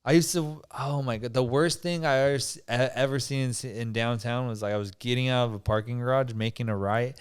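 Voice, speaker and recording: A man's voice: mid-range voice, steady tone, fairly quick, hardly any pauses, clean tone, no echo, studio quality. A young man hosting a casual podcast chat, rambling with lots of fillers, swearing and laughing easily. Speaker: podcast host.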